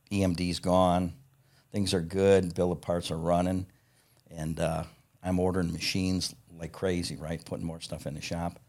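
A man's voice: sits low, darkish tone, breathy edge. A middle-aged man telling stories in a casual interview, blunt and profane, often laughing as he talks. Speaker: guest, parts company founder.

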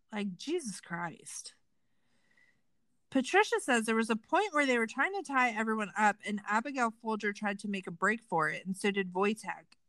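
A woman's voice: mid-range voice, no room sound, low-quality recording. A woman hosting a casual true crime podcast, sarcastic and swearing freely. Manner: animated, sarcastic, swears a lot. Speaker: podcast host.

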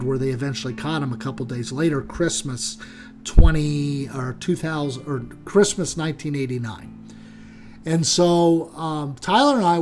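An American man, middle-aged, hosting a show and chatting his way through a travel story with lots of fillers. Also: fairly high pitch. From United States. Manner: animated, chatty, many fillers. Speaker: podcast host.

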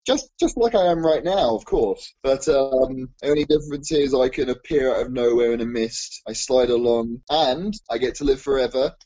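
A man's voice: mid-range voice, moderate pace, few pauses, mellow. A man co-hosting a comedy podcast, riffing playfully and improvising absurd bits in casual banter. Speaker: podcast co-host. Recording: dull lo-fi recording.

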